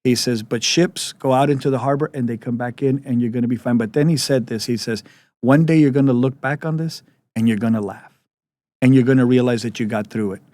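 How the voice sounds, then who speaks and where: A man hosting an interview show, telling stories in an animated, halting way. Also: medium pitch, dry recording. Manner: animated storyteller, many restarts. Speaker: podcast host. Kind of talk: conversational interview.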